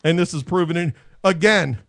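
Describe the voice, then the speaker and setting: A man hosting a casual talk show, brash and quick to laugh while he argues. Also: a little high, gravelly. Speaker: host. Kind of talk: casual political banter.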